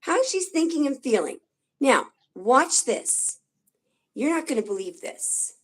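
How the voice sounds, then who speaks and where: A woman giving live tarot readings on a stream, emphatic and excitable, swearing now and then. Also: high-pitched, a little slow. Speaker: tarot reader.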